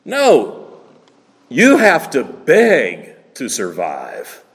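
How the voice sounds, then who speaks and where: A man's voice: medium pitch, wildly swooping pitch, drawn-out words, husky, big-room sound. A man preaching a sermon as pastor, emphatic and repeating key words for effect.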